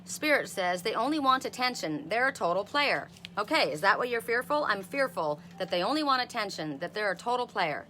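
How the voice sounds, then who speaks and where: A woman's voice: mid-range voice, very animated, fairly quick, hardly any pauses, sharp tone, slight background noise. A woman in her fifties giving a chatty live-stream oracle card reading, talking to viewers by name and laughing often. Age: 50s.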